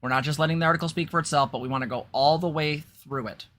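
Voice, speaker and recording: Bright-voiced chatty woman host. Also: sits low, steady tone, fast, slight background noise. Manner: chatty, conversational. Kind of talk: casual commentary.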